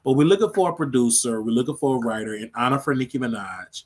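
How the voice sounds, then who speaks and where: Husky, rambling man chatting on a livestream. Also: mid-range voice, quick pace. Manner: chatty, rambling, laughs often. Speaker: show host. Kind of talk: casual livestream chat.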